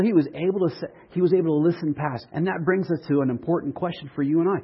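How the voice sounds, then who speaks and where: Man preaching, husky voice, conversational sermon, dull lo-fi recording. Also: a little high. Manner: conversational, with frequent restarts and light humor. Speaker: pastor.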